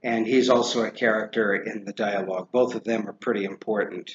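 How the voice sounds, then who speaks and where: Guy lecturing a class, lots of ums, slow, kinda muffled lo-fi recording with a little hiss. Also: fairly low pitch, fairly even intonation. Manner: halting, many ums and uhs, spells names aloud. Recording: roomy, dull lo-fi with faint noise.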